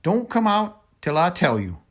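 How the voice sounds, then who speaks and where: A man voicing a fierce, protective old woman who speaks in rough rural dialect in a storybook reading. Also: high voice, big pitch swings, moderate pace, pitched above the performer's own voice. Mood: urgent. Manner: urgent, rustic dialect.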